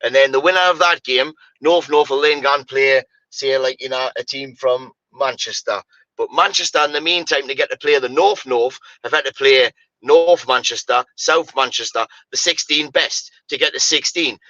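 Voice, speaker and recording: Male podcaster, bright forceful delivery, exasperated football rant, dry lo-fi sound. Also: medium pitch, moderate pace, no echo. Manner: animated, exasperated ranting with repeated "mate" and "you know, like". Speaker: podcast co-host. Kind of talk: casual football podcast chat.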